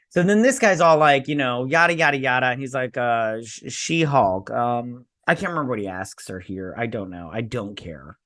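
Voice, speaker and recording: A man's voice: mid-range voice, animated, a little fast, a bit bright, no echo, clean studio sound. A man hosting a casual review vlog, blunt, sarcastic and dismissive in tone. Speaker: host.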